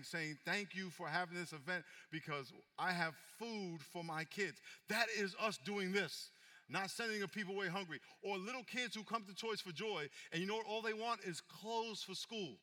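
A man pastor delivering a sermon, his voice pitched high and very bright. He drops to a hushed, intimate tone, then climbs to loud calls and asks the congregation for amens. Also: big-room sound. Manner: call-and-response preaching, swings from hushed to loud.

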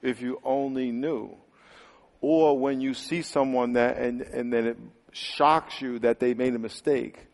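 A man preaching a lively sermon to a young audience, acting out quotes and dropping to near whispers for emphasis. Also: mid-range voice, unhurried. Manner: animated, acts out quotes, swings loud and quiet. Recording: hall reverb.

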